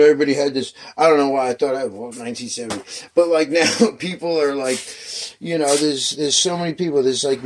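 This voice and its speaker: A man in his fifties telling a long personal story in a rambling, profane way, acting out what people said. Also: medium pitch. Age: 50s. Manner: profane, restless, storytelling with acted quotes.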